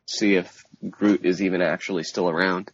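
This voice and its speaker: A man playing a tabletop game over a call, playful and quick to laugh, in dull online call audio. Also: low voice, level tone, slightly rough, no echo. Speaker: player.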